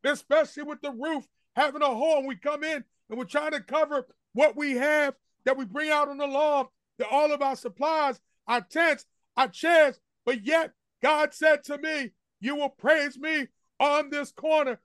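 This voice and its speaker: High-voiced preaching pastor, dry sound. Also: male voice, fairly even intonation, moderate pace, few pauses, a bit bright, dry recording. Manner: emphatic call-and-response preaching with repeated refrains. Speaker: senior pastor. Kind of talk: sermon. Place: church sanctuary.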